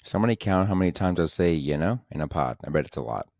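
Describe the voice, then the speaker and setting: Young guy ranting on his podcast, real low voice, crude and sarcastic, dry close sound. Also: lively intonation, fast talker, darkish tone, no echo. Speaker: podcast host. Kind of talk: solo comedy podcast rant.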